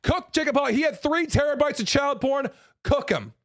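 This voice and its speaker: A man's voice: very high-pitched, animated, moderate pace. A man ranting heatedly and bluntly, swearing and repeating himself as he works himself up. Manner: blunt, profane, repeats phrases, stumbles and restarts; fired up, forceful. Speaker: host.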